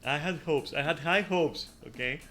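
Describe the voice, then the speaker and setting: A man's voice: a little high, normal speed, pushed and bright. A man giving casual gameplay commentary, chatty and swearing offhand, breaking into laughter often. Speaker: gamer. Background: faint game music.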